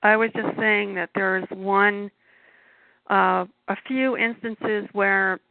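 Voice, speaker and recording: A middle-aged woman with a gravelly voice, speaking in a measured, insistent way as a herbal health guest on a panel talk show. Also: mid-range voice, steady tone, no echo. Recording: dry tinny phone-like sound.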